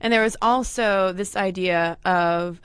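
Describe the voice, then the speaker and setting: In a dry, studio-quality recording, a woman co-hosts a casual history podcast, laughing easily and thinking aloud with fillers. Her medium-pitched voice is fairly bright, clear, and resonant, and she speaks a little slowly.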